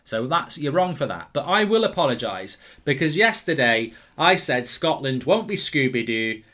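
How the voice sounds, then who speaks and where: A man's voice: mid-range voice, moderate pace. An English man hosting a casual live football watchalong, chatting with viewers and breaking into jokey mock news bulletins. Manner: jokey, excitable, mock-newsreader bursts. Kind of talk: casual live-stream chat.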